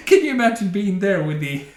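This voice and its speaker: Male reaction host, slightly high voice, mocking and opinionated, roomy sound. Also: very animated, normal speed. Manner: sarcastic, scornful, laughs often. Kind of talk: opinionated game reaction commentary. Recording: roomy echo.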